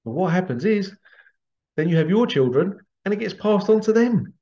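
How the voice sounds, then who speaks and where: This healing therapist has a high, animated voice with a dark tone, heard through dull audio at a moderate pace. His casual monologue to camera rambles, repeats phrases, and includes acted-out quoted voices.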